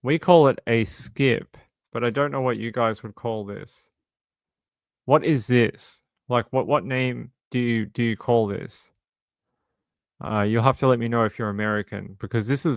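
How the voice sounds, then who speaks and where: A man's voice: medium pitch, dry recording. Aussie guy in his 40s chatting to viewers on a livestream, jokey, repeats himself, clean dry sound. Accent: Australian. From Australia. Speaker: livestream host. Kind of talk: casual live-stream chat answering viewers.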